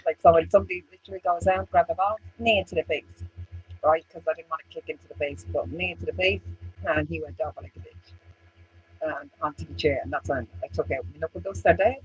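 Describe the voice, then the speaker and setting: A woman with an Irish accent co-hosting a casual chat show, telling stories in a blunt, profane and animated way. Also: low-pitched, quick pace, lo-fi sound, slight background noise. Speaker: co-host.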